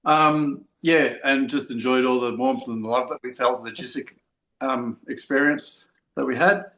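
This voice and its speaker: A man's voice: medium pitch, fairly even intonation, a little slow, sharp tone, echoey room, poor audio. A man with an Australian accent speaking hesitantly with fillers. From Queensland, Australia. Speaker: conference attendee. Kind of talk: casual testimonial.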